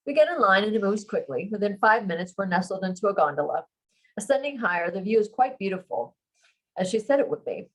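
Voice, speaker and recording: A woman author reading her own romance novel aloud in steady, unhurried narration. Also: medium pitch, rough recording.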